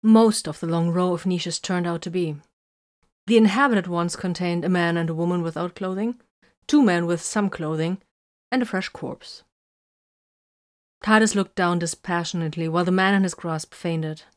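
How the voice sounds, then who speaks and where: A woman narrates a story in a measured, even audiobook read. Her voice sits fairly low for a woman, and the delivery stays controlled and steady.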